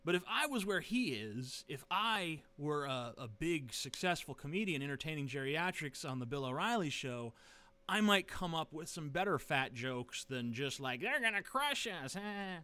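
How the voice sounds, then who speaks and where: Sarcastic male vlogger, webcam rant, smooth and bright voice, swearing and rambling. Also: on the high side, expressive, moderate pace. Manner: sarcastic, profane, rambling with many fillers. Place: living room.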